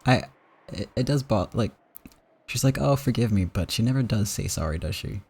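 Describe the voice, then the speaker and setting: A man's voice: fairly low pitch, lively intonation, normal speed, vocal fry, a little mellow, breathy edge. A man hosting a game playthrough, talking casually in a rambling, stammering, emotional way. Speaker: let's play host.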